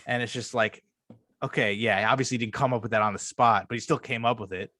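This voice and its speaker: A man's voice: medium pitch, fairly even intonation, fast talker, bright, forceful tone, no room sound, clean studio sound. A man co-hosting a podcast, chatting casually and enthusiastically about a favorite comedy show, swearing freely and rambling. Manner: rambling, profane, enthusiastic retelling. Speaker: podcast co-host. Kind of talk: casual chat.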